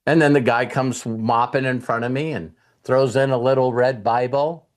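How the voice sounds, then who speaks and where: In a casual motivational talk, a middle-aged coaching-show host tells a personal story and acts out, in quotes, what his younger self said. His mid-range voice keeps a steady tone at a moderate pace.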